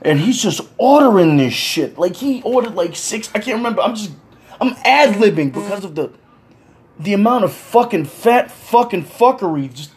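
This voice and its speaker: A man's voice: high-pitched, expressive, moderate pace, a little mellow. A man telling a comic story in a crude, mocking rant, swearing all the time.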